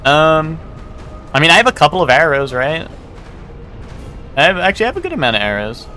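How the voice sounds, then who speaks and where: A man giving casual live gameplay commentary, rambling with lots of fillers and the odd swear. His voice is bright and tense, with a lively, bouncing pitch. Faint game music plays underneath. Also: fairly quick. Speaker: streamer.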